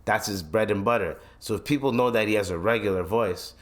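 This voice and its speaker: Fairly quick and on the low side, a man rants on his own podcast in blunt, heated opinion talk. Heavy swearing and slang fill his rambling delivery, and he frequently starts sentences over.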